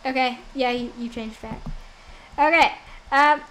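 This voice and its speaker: A woman's voice: high voice, steady tone, measured pace, a bit bright, highs cut off. A girl co-hosting a gaming video, chatting casually and stammering through many fillers. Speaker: gaming channel co-host. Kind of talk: casual gameplay chat.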